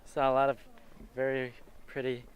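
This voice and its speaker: A man's voice: mid-range voice, completely flat delivery, normal speed, soft background music. A man chatting casually on a travel vlog, laughing often and stopping for fillers, filmed outdoors on a handheld camera. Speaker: travel vlogger. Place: outdoors in busy tourist spots. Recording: loud outdoor crowd and street noise.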